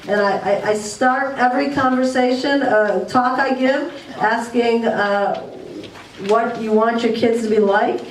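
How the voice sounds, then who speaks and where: A woman with a higher-pitched voice gives a presentation to parents in a school room, offering earnest advice and checking in with tag questions. She's recorded from a distance in an echoey room, with a slight hiss or hum.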